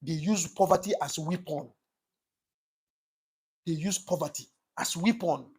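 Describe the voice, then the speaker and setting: A man's voice: a little high, moderate pace, darkish tone, husky. A man giving an impassioned, preachy political monologue, repeating his points for emphasis. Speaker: commentator on his own channel.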